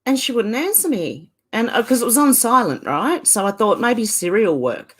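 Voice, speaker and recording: A woman's voice: fairly high pitch, big pitch swings, normal speed, husky. A woman with an Australian accent and a smoker's cough, hosting a casual livestream chat from home, laughing often and greeting viewers by name. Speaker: channel host. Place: indoors at home, beside a filing cabinet.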